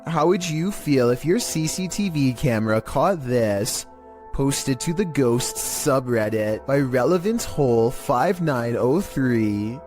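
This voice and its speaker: Brief: male countdown narrator, flat monotone read, mid pitch, faint music under. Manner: monotone, measured. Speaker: YouTube horror countdown narrator. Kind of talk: scripted narration.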